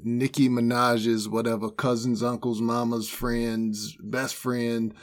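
A man's voice: mid-range voice, level tone, slow. Man steering the show's topics. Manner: steering, moving topics along. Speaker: podcast host. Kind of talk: casual chat.

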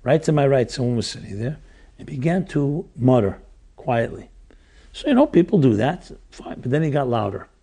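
A man's voice: mid-range voice, sing-song, moderate pace, dark tone, slightly rough. A rabbi in his sixties telling a personal story in an earnest, reflective way, often restarting his sentences. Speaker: rabbi teaching classes. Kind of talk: storytelling lecture.

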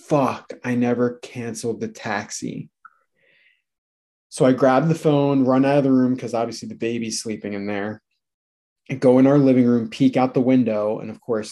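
A man's voice: on the low side, mellow. A man in his thirties, co-hosting a casual chat show, telling a story in a self-deprecating way and swearing freely. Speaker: podcast co-host.

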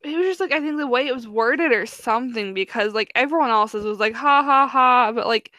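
Young woman co-host, casual filler-heavy chatter, a bit high-pitched. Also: brisk, a bit bright, dry recording. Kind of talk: casual chat.

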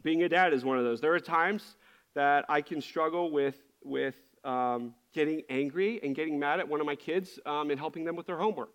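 Male pastor, high voice, candid confessional sermon, halting restarts. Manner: confessional, self-searching, with frequent restarts.

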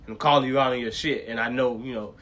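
With a mid-range voice and a quick pace, this podcast co-host tells animated, expletive-heavy stories, acting out the folks he's talking about.

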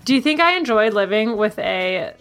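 A woman co-hosting a podcast, joking around in relaxed casual chat with friends. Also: mid-range voice, moderate pace, soft background music. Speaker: podcast co-host.

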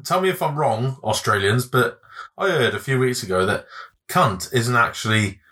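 A man's voice: mid-range voice, expressive, moderate pace, bright, forceful tone. A man chatting casually on a podcast, rambling, forgetful and sweary, laughing often. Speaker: podcast co-host. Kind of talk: casual chat.

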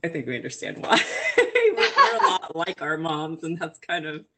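A woman's voice: deep voice, huge pitch swings, normal speed, very noisy. A woman in her thirties, co-hosting a podcast, chatting and telling stories with frequent laughter. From grew up in Italy in a military family. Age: 30s. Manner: chatty, laughs often, storytelling. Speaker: podcast co-host. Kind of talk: casual chat.

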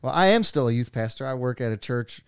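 A man's voice: mid-range voice, expressive, smooth, no echo, clean studio sound. A man from Northern Kentucky who is a youth pastor, co-hosting a podcast and chiming in agreeably. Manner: agreeable, chiming in with quick affirmations and laughs. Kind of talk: casual chat.

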